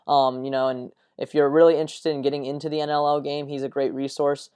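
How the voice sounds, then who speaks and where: Smooth-voiced male podcast host. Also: fairly high pitch, little pitch movement, fast, darkish tone. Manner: friendly, filler-heavy questions. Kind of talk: casual interview chat.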